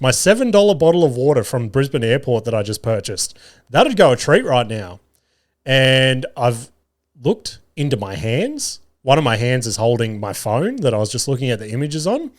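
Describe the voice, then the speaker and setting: An Australian man hosting a podcast, telling a self-mocking story in a casual, animated way and swearing often. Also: medium pitch, fairly quick. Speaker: podcast host. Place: home garage studio.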